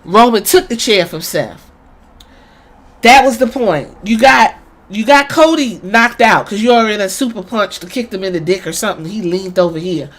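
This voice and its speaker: A woman hosting a podcast, giving a casual, profane recap and acting out moments with sudden shouts. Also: mid-range voice, expressive, moderate pace. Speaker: podcast host.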